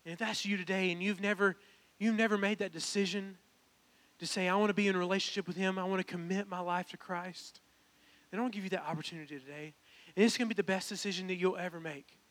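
A man's voice: high voice, fairly even intonation, fast, a bit bright. A young man, preaching a personal, earnest sermon that builds to emphatic calls. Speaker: pastor. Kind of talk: sermon with altar call.

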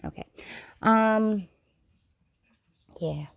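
A tipsy woman hosting a comedic tarot reading stream, rambling and swearing in a jokey deadpan way. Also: medium pitch, drawn-out words, no echo, clean studio sound. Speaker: host.

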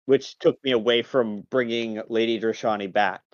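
A man's voice: mid-range voice, steady tone, moderate pace, dry recording, dull audio, lightly acted. A man playing a captured captain of a lord's guard, answering questions in a plain, matter-of-fact way.

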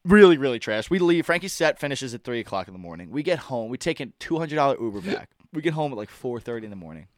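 A young man on a podcast telling a party story in casual chat, animated and profane, acting out his friends' lines. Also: mid-range voice, fast, hardly any pauses, no room sound, studio quality. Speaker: podcast co-host.

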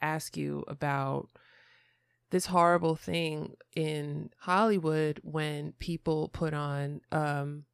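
A woman hosting a podcast interview, her voice sitting low with a gravelly fry. She speaks thoughtfully and with many hesitations. The sound is dry and close. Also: steady tone, slow pace, no echo. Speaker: podcast host. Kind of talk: interview conversation.

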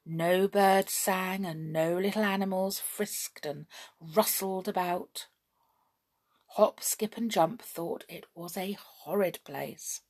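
A woman reading a children's story aloud slowly and expressively, often dropping to a hush. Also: fairly low pitch, fairly even intonation.

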